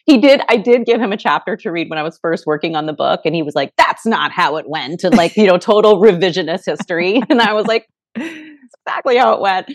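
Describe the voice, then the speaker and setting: A woman's voice: lowish voice, expressive, fast talker, hardly any pauses, dry recording, studio quality. A middle-aged woman talking candidly as an author guest, laughing often and acting out her stories with animation. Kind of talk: casual conversational interview.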